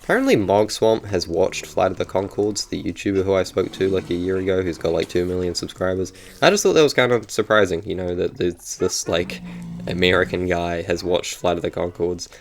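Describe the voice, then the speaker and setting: A man's voice: low voice, brisk, slight background noise. A young man with a New Zealand accent chatting casually in a vlog, rambling and often correcting himself. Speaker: YouTuber.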